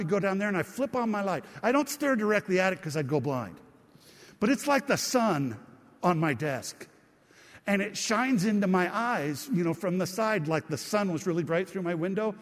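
A man preaching a sermon as a pastor, chatty and joking with his congregation. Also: sits high. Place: church hall. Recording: long reverb of a church hall.

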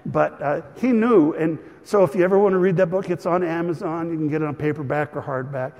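A middle-aged man delivers a sermon from the pulpit, his voice sitting slightly high for a man. He tells stories warmly through fillers and little chuckles. The sound carries a long reverb, as in a large church sanctuary. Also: fairly quick, muffled recording. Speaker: pastor.

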